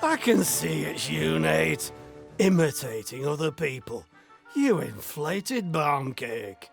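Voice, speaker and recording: Blustering, short-tempered heavyset man; raised pitch, deliberate pace. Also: very animated, gravelly, soft background music, exaggerated voice. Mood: indignant. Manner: blustering, indignant.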